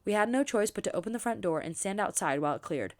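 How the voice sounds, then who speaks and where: Reading romance aloud for her book channel, this woman speaks at a medium pitch. Her delivery is expressive, broken up by brief comments of her own.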